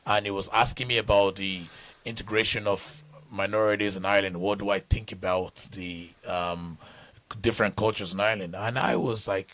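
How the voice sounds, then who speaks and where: Low-voiced man telling stories. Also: steady tone, moderate pace, fairly bright tone. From Nigeria. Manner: rambling storytelling with many restarts. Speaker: podcast guest. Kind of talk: casual podcast conversation.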